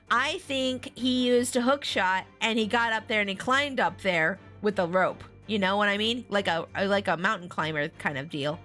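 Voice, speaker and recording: A woman's voice: medium pitch, normal speed, hardly any pauses, a bit bright, soft background music. A young adult woman streaming a game, making playful, giggly asides. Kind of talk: casual game-stream commentary.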